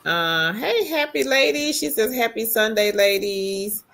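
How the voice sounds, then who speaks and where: A woman's voice: a little high, animated, measured pace, creaky, fairly bright tone. A woman co-hosting a casual livestream, chatty as she greets viewers and reads their comments aloud. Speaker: livestream co-host. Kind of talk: casual live chat.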